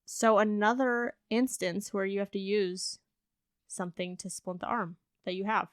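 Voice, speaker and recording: A woman co-hosting a podcast and chatting casually, reacting with quick comments and questions. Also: medium pitch, fairly even intonation, no echo, clean studio sound. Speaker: podcast co-host.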